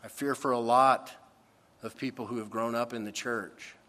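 Earnest preacher in a reverberant hall. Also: male voice, medium pitch, fairly even intonation, pushed and bright. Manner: earnest, emphatic preaching with dramatic pauses. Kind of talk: sermon. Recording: long reverb of a large hall.

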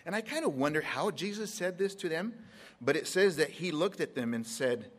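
A man preaching a sermon, drawing words out with dramatic pauses and acting out scenes in quoted voices. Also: on the high side, expressive, fairly bright tone, long reverb tail.

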